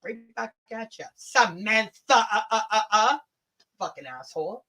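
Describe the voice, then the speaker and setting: A woman co-hosting a casual livestream chat, loud and profane, teasing and laughing often. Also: on the high side, animated, normal speed. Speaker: livestream co-host.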